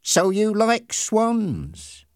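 A man voicing a cruel, menacing teenage boy bully, raised well above his own pitch. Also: wildly swooping pitch, drawn-out words, no echo, clean studio sound, full character voice. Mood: mocking. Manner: menacing, bossy.

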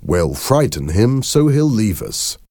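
A man doing a steady, measured uncle who speaks with quiet authority. The voice sits low and moves lively across its range in a dry, close recording. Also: dry recording, heavily acted. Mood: firm. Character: calm, steady older uncle, wildlife officer.

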